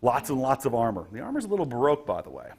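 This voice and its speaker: A man running a tabletop game as game master, his voice slightly husky. He paints each scene in lively detail, pausing on ums and restarting his sentences as he goes. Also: medium pitch. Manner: vivid scene-setting with frequent ums and restarts.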